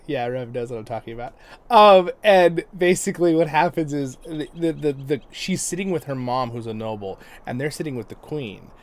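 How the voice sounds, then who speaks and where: A man talks his way through a game on a livestream, loose and rambling, breaking into laughs as he goes. His pitch swings a lot, rising and dipping as he tells stories. There is a faint hiss behind him. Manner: chatty and rambling, laughs often. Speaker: livestream host and guide. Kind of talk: casual gameplay commentary.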